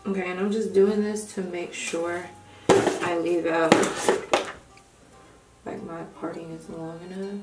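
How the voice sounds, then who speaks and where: A young woman vlogging a hair tutorial at home in a casual chat, thinking out loud and rambling, with her morning voice still on. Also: fairly low pitch, level tone, measured pace, pauses often, distant mic. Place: room at home. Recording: echoey room, off-mic, faint music.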